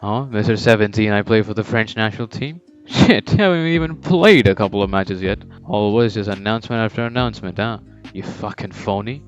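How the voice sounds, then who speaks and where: A man's voice: on the low side, normal speed, lightly acted. Man playing a sneering furious teen striker. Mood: taunting. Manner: taunting, sneering, shouting. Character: cocky furious teen male soccer striker. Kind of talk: fan story voice acting. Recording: dull lo-fi with background music.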